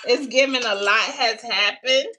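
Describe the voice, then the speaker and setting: A woman's voice: fairly high pitch, a little slow, background noise. A woman giving a casual live-stream tarot reading, who chats unhurriedly with viewers and calls them baby and honey. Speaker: tarot reader taking live questions.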